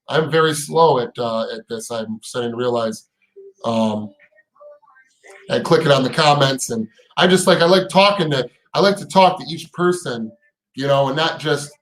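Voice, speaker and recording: A man's voice: medium pitch, roomy sound, low-quality recording. A man hosting a casual live stream, talking in heated, profane bursts with repeated words and rising rhetorical questions.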